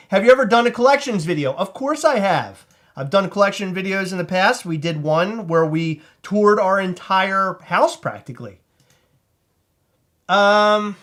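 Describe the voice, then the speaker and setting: A man with a Maryland accent hosting a casual livestream, excitable and rambling, laughing often. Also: high-pitched. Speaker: host.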